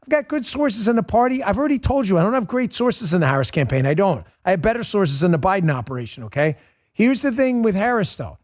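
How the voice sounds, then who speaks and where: Middle-aged guy hosting a political talk show, high voice, mocking and combative, hammering every word. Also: animated, fast talker. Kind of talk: political commentary monologue.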